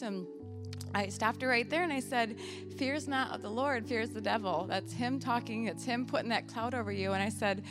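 A woman's voice: fairly high pitch, normal speed, music in the background. A woman who teaches nursing, sharing an earnest, heartfelt testimony at a church service with frequent ums. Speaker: nursing instructor giving testimony. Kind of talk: personal testimony.

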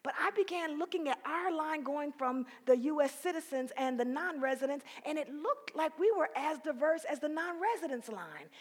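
A woman preaching at a conference, telling a story and building to fervent, near-shouted passages. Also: high voice, animated, normal speed, few pauses. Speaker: conference speaker. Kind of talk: preaching sermon.

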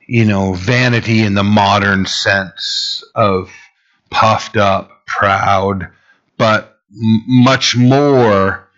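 A man preaching a conversational sermon, full of fillers and asides, rising in pitch when he stresses a point. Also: a bit bright, highs cut off. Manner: casual and rambling, heavy fillers, rises in pitch for emphasis. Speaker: pastor.

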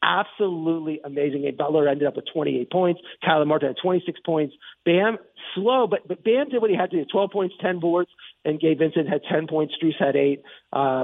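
A man with a high, gravelly voice talks through a game recap in an excited, rambling way, circling back and restarting his thoughts. His tone is husky, and the sound is thin and tinny like a phone line on the radio. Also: no room sound. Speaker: sports talk host. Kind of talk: casual sports commentary monologue.

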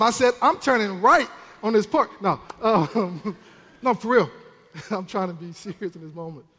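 A man minister preaching a sermon in an animated, playful way, with asides to the congregation. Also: sits high. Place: church sanctuary. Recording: long church hall reverb.

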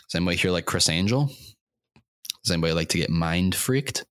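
Deep-voiced young man rambling wildly. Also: expressive, fairly quick, no echo, clean studio sound. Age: 20s. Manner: erratic, self-mocking, swings into shouting and silly sing-song bits. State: sore throat from screaming. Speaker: podcast host. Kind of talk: rambling solo comedy podcast.

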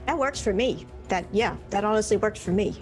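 A woman's voice: mid-range voice, a little fast, darkish tone, soft background music. A woman playing a tabletop game, speaking casually and playfully in character. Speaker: player.

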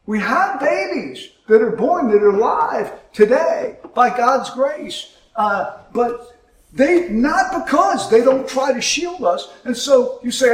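A man preaching a sermon, impassioned, swinging between loud emphasis and quiet asides. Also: very high voice, lively intonation, measured pace. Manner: impassioned, rising and dropping emphasis. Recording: echoey room from far off.

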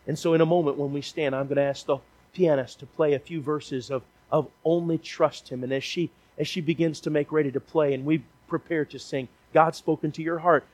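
A man's voice: medium pitch, a little mellow, poor audio. A man preaching a sermon, earnest and pleading as he calls people forward in a church. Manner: earnest, pleading, slows down for emphasis. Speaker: guest preacher. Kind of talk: sermon closing and altar call. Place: church sanctuary.

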